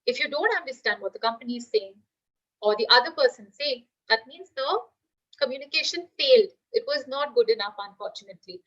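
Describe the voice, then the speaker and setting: A woman's voice: on the high side, lively intonation, fairly quick, fairly bright tone, highs cut off. A woman teacher giving a live online class, explaining with everyday examples and asking the class questions.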